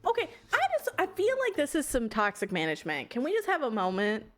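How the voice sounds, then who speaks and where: A young woman streaming a game, her high voice leaping all over as she jokes along with the scene. The talk is loose and chatty. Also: huge pitch swings, quick pace, faint music behind. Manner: joking, laughing. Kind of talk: live gameplay commentary.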